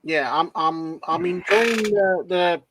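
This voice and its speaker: A man's voice: sits high, slow, background noise. A man co-hosting a casual livestream chat, agreeable and easygoing, often restarting his sentences. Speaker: livestream co-host.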